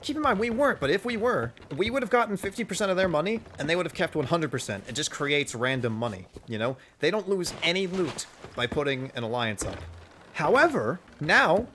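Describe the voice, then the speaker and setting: A young man recounting a gaming mishap as casual commentary, animated and joking, with the odd swear. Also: a little high, fairly quick, slight background noise. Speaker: gamer telling a story.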